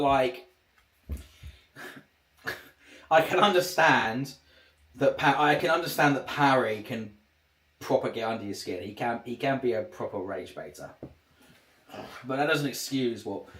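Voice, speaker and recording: A man's voice: mid-range voice, a little slow, pauses often, a bit bright. A man, chatting casually on a livestream and rambling through restarted sentences. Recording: roomy echo.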